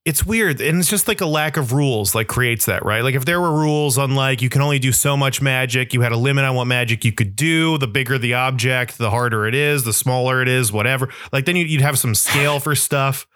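A man co-hosting a podcast in casual chat, rambling and animated, full of restarts and "like". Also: medium pitch, a little fast, few pauses, dry recording, studio quality. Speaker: podcast co-host.

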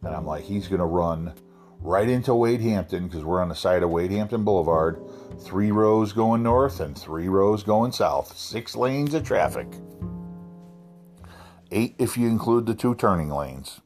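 A man from South Carolina casually telling a profane, animated anecdote. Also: sits low, unhurried, soft background music. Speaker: storyteller. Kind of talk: casual storytelling.

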